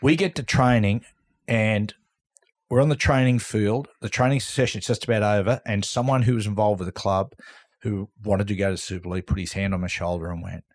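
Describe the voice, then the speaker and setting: Guesting on a podcast, a middle-aged Australian ex-rugby league player tells an animated, casual story and plays out others' lines. His voice is on the low side and a little fast.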